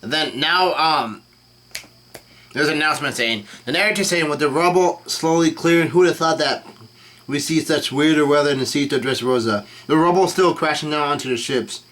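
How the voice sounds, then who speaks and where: A man casually reading a comic chapter aloud and commenting on it, with the dialogue in a flat voice and frequent fillers and self-corrections. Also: on the high side, moderate pace. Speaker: channel host reacting to a comic chapter.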